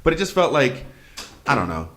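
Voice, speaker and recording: A man's voice: mid-range voice, fairly quick. A man on a casual podcast, telling a story as a rant, swearing freely and acting out other people's lines. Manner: animated storyteller, swears freely, acts out dialogue. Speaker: podcast host.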